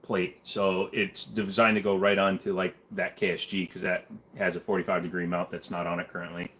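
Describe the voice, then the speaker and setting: A man's voice: low-pitched, flat delivery, fairly quick, a bit bright. A man hosting a casual livestream and answering chat in a blunt, offhand way, swearing now and then. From Canada. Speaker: livestream host reading chat.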